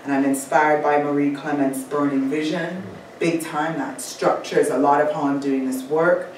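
A woman's voice: sits low, steady tone, moderate pace, darkish tone. A woman from Jamaica with a Jamaican accent, giving a reflective academic talk at a symposium and asking for the slides to be changed. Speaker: panel speaker. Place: lecture room at a symposium. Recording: echoey room, far from mic, faint noise.

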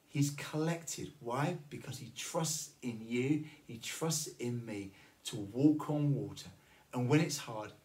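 A man's voice: mid-range voice, darkish tone. A man preaching a sermon, telling a personal story and earnestly encouraging his listeners. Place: church.

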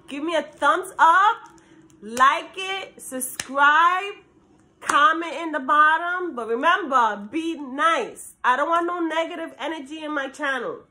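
A middle-aged woman from Brooklyn with a New York accent, chatting casually to her viewers in a talkative, animated way. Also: high voice, a little hiss or hum. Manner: chatty, animated, talks fast and drifts between topics. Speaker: vlogger. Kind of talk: casual chat to camera.

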